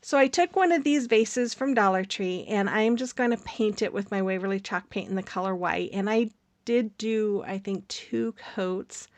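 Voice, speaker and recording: A middle-aged woman casually narrating a craft tutorial, chatty and rambling with soft laughs and ums. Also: mid-range voice, moderate pace, dry recording. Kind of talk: casual DIY voice-over narration.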